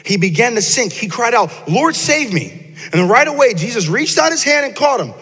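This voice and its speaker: A man's voice: extremely high pitch, big pitch swings, fast, a bit bright, husky. A man preaching a casual, conversational sermon to his congregation, often repeating words and asking them questions. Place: church sanctuary. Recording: long church hall reverb.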